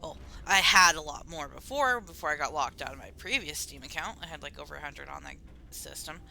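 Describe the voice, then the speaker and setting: A woman streaming a game and chatting casually with a friend, easygoing and quick to get excited. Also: sits low, creaky, slight background noise, low-quality recording. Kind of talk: casual chat while gaming.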